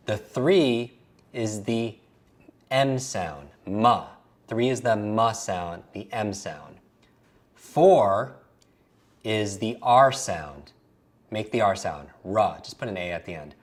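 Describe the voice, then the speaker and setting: A man's voice: on the low side, fairly bright tone. A man teaching a recorded memory lesson as a coach, drilling letter sounds aloud and asking the listener to say them along with him.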